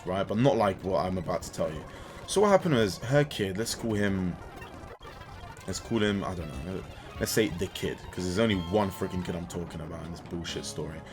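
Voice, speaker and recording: A young man in casual gaming commentary, an animated storyteller who swears and keeps tagging "right?" as he vents about coaching. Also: deep voice. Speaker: gaming YouTuber and kids' sports coach. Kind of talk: casual ranting commentary over gameplay.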